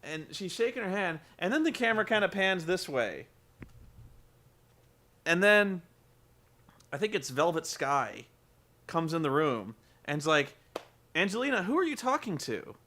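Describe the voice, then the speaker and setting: A man casually recapping a wrestling show, animated and joking, swearing freely. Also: a little high, unhurried, long pauses. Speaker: podcast host recapping wrestling. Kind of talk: casual chat.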